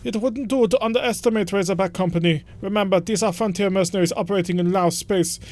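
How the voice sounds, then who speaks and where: A man reading a brisk mission briefing officer. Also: high-pitched, a little mellow, voice pushed up, lightly acted.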